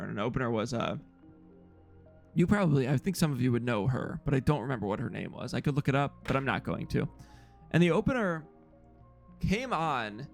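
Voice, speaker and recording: A man streamer chatting casually and rambling through a story with frequent chuckles. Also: mid-range voice.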